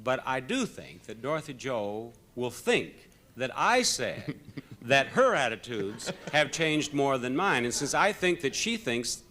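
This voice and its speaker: Bright-voiced man rambling on a game show. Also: medium pitch, very animated, a little slow, slight background noise. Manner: rambling, hesitant, wry. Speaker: celebrity contestant.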